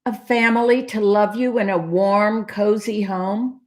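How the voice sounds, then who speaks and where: A woman voicing a bossy, easily irritated cat in a children's storytime, insistent and high-pitched. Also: fairly even intonation, measured pace, darkish tone, close to an everyday voice. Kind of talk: children's storytime read-aloud.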